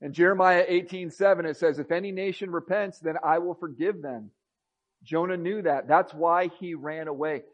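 A man preaching a sermon, reading scripture aloud and swinging between a near hush and raised emphasis. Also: fairly high pitch, moderate pace, muffled recording. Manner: expressive, rising and dropping to a near hush.

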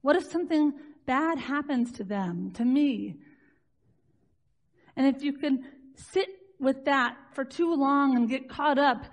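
A woman telling a personal story to a live audience in an animated, chatty way, with frequent "like" fillers, often laughing at herself. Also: high-pitched. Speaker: speaker addressing a live audience.

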